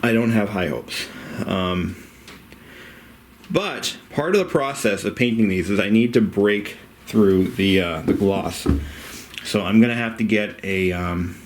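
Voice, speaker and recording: A man's voice: lowish voice, measured pace, slight background noise. A man talking casually through a home renovation job in his basement, rambling, frank and a little profane. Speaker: DIY home renovation vlogger. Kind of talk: casual rambling how-to talk.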